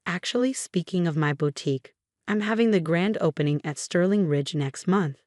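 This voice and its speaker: A woman narrating voicing a condescending, dismissive adult sister in a fake-sweet manner, in a low voice. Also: normal speed, a little mellow, no room sound, studio quality, natural voice. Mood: mocking.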